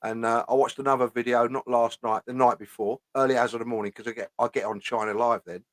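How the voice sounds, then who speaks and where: Casting: blunt man, mid-pitched, dry close sound, casual ranting host. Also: fairly even intonation, fast talker, no echo. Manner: blunt, swears often, repeats "you know what I mean".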